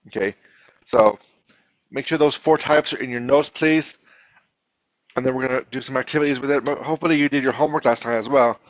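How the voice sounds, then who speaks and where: A man's voice: mid-range voice, no echo. A male teacher talks his class through a lesson at a patient pace, often stopping to restart a phrase. His voice sits in the middle range. The recording is dull and dry, with little room sound. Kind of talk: classroom instruction.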